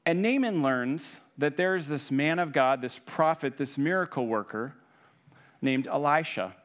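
Male preacher, slightly higher voice, easygoing storytelling sermon, acts out quotes. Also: expressive, a little slow, a bit bright.

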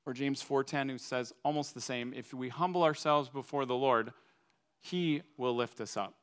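A man's voice: mid-range voice, moderate pace, clean tone. A man from Minnesota giving a conversational sermon to a congregation, using everyday examples. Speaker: preacher.

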